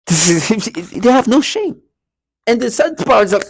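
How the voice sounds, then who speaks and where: A man's voice: high-pitched, lively intonation, normal speed, husky, no room sound. A man talking emotionally to camera in an agitated monologue, stammering and repeating words as he goes. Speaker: vlogger.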